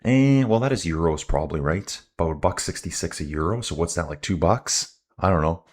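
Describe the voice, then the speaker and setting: Deep-voiced man ranting on a live stream. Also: lively intonation, a little fast. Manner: chatty, ranting, addresses viewers as dudes. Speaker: live race commentator and channel host. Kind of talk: casual live-stream commentary.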